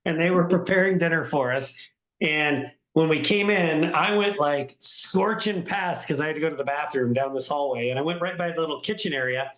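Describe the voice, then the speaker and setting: Animated male podcast host, roomy sound. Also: a little high, moderate pace. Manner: animated storyteller, self-mocking. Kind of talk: casual chat. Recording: roomy echo.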